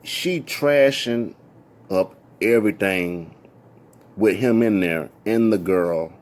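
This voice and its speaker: A man casually telling a story from his past, animated and full of repeated "I'm like" asides. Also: lowish voice, slow.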